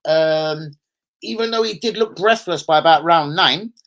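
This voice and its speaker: A man's voice: a little high, a little slow, fairly bright tone. Man, football stream host, sweary, rambling banter, casual chat.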